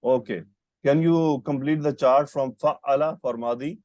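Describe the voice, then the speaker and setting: Patiently firing short questions at his student, a man teaches Arabic grammar online via a computer mic on a video call. He speaks unhurriedly in a medium-pitched, slightly mellow voice, with no room sound.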